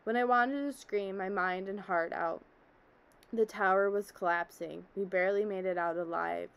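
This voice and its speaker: A woman's voice: medium pitch, fairly even intonation, normal speed, gravelly, smooth, lightly acted, rough recording. A woman telling as a haunted male survivor. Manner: earnest, haunted storytelling. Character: middle-aged man, former office worker, shaken survivor.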